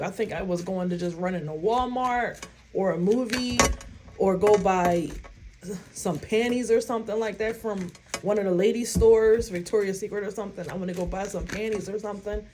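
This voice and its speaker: Blunt, animated woman vlogger. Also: medium pitch, normal speed, a little hiss or hum. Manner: animated, blunt and profane, acting out her own reactions. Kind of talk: casual storytelling to viewers.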